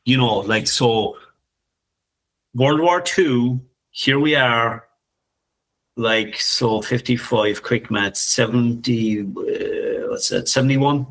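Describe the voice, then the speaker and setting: A man in his fifties, co-hosting a podcast in a reflective, musing conversational way, soft-spoken and often laughing. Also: medium pitch, slow. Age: 50s. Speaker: podcast co-host.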